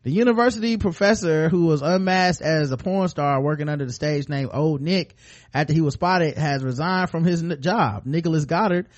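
A man's voice: a little high, normal speed, highs cut off. A man co-hosting a comedy podcast, reading a news story aloud and breaking off for crude jokes. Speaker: podcast co-host. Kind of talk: comic news read with banter.

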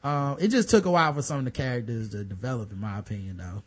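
A man co-hosting a podcast in casual chat, animated and full of fillers. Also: mid-range voice, fast. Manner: animated, lots of fillers and put-on voices in stories. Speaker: podcast co-host.

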